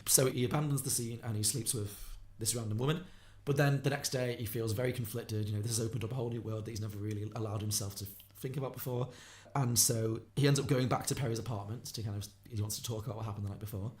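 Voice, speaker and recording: A man on a podcast, retelling a film plot quickly and acting out the characters' lines. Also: mid-range voice, steady tone, darkish tone. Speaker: podcast co-host. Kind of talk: casual film podcast recap.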